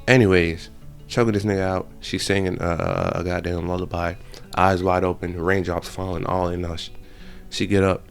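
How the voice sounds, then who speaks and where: A man casually retelling a movie scene by scene, animated, with slang and profanity. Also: low-pitched, moderate pace, vocal fry, faint music behind. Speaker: channel host.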